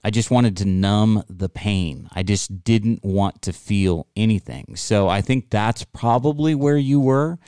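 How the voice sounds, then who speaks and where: A man's voice: lowish voice, unhurried, hardly any pauses, warm tone, clean tone, dry recording, clean studio sound. A man hosting a conversational talk show, earnest and empathetic, sharing his own stories. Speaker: host.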